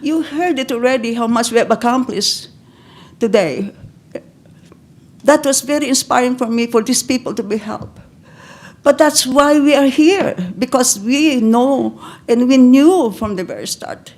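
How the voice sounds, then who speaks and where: An older woman from the Philippines, giving emotional public comment at a county board meeting, pleading and halting with broken-off restarts, close to tears. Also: high voice, darkish tone.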